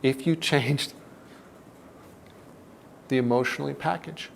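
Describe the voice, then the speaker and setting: A man giving a reflective self-help talk, deliberate and often dropping to a soft, low tone. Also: creaky, slight background noise.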